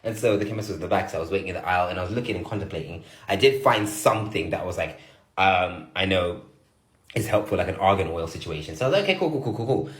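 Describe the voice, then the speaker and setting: A man's voice: deep voice, quick pace, fairly bright tone, reverberant. A man telling a story to camera who acts out both sides of a conversation. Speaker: TikTok creator.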